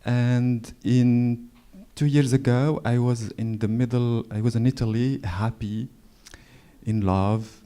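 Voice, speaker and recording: A man in his forties from Morocco with a Moroccan French accent, speaking in a halting, hesitant way and reading his own prose at a library event. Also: mid-range voice, warm tone. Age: 40s. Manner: hesitant, halting, frequent fillers. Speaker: author. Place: public library event hall.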